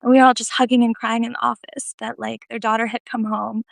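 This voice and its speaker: Woman, casual live-video storyteller, lively and self-deprecating, dry close sound. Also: on the high side, fast, creaky, dry recording. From United States. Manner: animated, laughing, self-deprecating.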